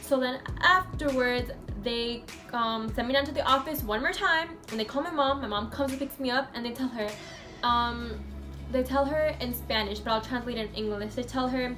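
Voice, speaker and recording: An American woman vlogger tells a personal story in a casual vlog, her voice a little high and her speed normal, with music playing behind her. She's chatty and rambling, leaning heavily on the filler "like."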